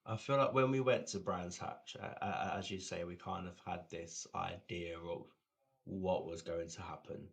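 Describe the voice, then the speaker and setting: Low-voiced man, chatty co-host who stumbles and repeats himself. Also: vocal fry. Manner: rambling, repeats words, laughs often. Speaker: podcast co-host. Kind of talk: casual chat.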